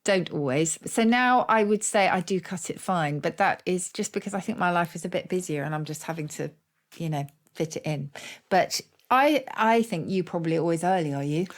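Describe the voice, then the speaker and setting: Middle-aged woman on a podcast, lowish voice, chatty, explains old words and spells them out. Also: lively intonation, moderate pace. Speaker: podcast co-host, word expert. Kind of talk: casual chat about word origins.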